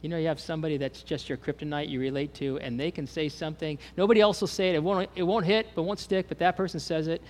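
Earnest pastor, higher-pitched man. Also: steady tone, fast, hardly any pauses. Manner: personal, earnest storytelling with many restarts; swells louder and higher when voicing God's words. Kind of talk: sermon. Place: church sanctuary.

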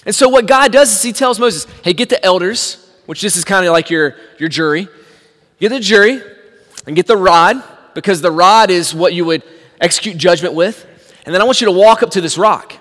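A man preaching a sermon, telling the story with animated swings from hushed to shouting. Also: high voice, fairly quick, in a large hall. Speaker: pastor.

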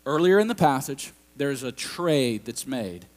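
A man's voice: medium pitch, animated, unhurried. A man preaching a sermon in a conversational style, with asides and acted-out quotes. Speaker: pastor.

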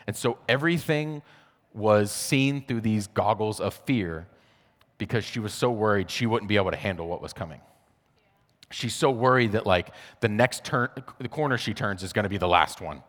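A man's voice: on the low side, moderate pace, a bit bright. A young adult man preaching a casual sermon in a conversational way, with frequent "like" fillers. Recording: reverberant hall.

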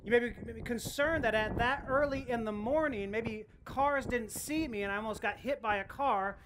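Woman pastor, sermon delivery, animated storyteller, higher-pitched voice, restarts a lot. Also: moderate pace, background noise. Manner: animated storytelling, laughs often, many restarts.

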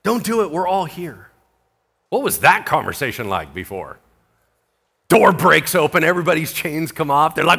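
A male pastor preaching with animated, conversational energy. His voice is bright and forceful, and it swings widely up and down as he throws out rhetorical questions. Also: on the high side, normal speed. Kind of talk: sermon.

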